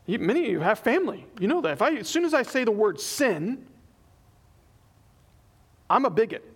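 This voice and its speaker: A man's voice: sits high, normal speed, breathy edge. A man preaching a sermon in church as pastor, acting out the people he quotes as he tells the story. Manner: animated, acts out quoted people in his retelling.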